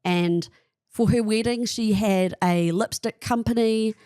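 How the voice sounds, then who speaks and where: A woman's voice: medium pitch, measured pace, warm tone, smooth, dry recording, studio quality. Chatty New woman telling gossip. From New Zealand. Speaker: guest. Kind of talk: casual podcast chat.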